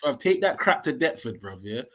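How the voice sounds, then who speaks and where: A man heckling in rapid slang during casual panel banter. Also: medium pitch, sing-song, a bit bright. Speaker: panel guest.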